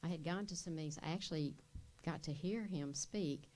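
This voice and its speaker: An older woman with a low voice shares stories at a board meeting. Her manner is folksy and appreciative, and she slips easily into anecdotes. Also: brisk, darkish tone. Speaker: school board member. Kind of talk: public meeting remarks.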